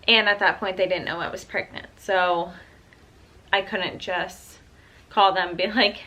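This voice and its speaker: A woman's voice: lowish voice, steady tone, measured pace, sharp tone, low-quality recording. A woman in her twenties, a vlogger, telling a personal story in a casual, chatty way, with plenty of "um" and "like". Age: 20s. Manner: chatty, full of "um" and "like".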